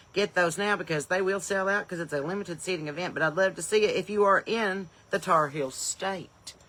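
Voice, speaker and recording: Woman comedian, crisp and sharp-toned, runs a casual live stream from her porch with an upbeat, folksy flow. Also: mid-range voice. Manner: folksy, upbeat, bursts of loud welcomes between rambling asides. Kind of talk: chatty live-stream greetings to viewers. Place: home porch in the evening.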